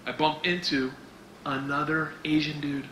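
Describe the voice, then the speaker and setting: A man performing a stand-up comedy set, telling a story in an animated way and often shouting. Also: fairly high pitch, a little slow. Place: comedy club stage with audience. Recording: echoey club clip, loud noise.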